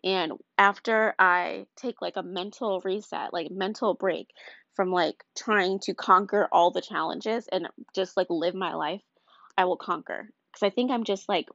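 A woman's voice: medium pitch, fairly bright tone, dry recording, highs cut off. A tired young woman speaking candidly and earnestly in a rambling, confessional faith talk.

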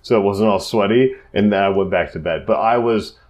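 A man co-hosting a podcast in casual chat, congested and animated, swearing often. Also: on the low side, a little fast. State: congested from covid. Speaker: podcast co-host.

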